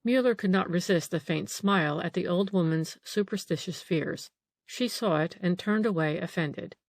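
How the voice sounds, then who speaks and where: Low-voiced woman narrating an audiobook. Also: moderate pace, dry recording, clean studio sound. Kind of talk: scripted narration.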